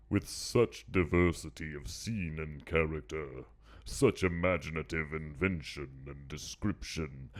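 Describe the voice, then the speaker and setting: A man doing a deep, grave old wizard. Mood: solemn. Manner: slow, solemn, stately delivery. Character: deep, grave, aristocratic older English wizard.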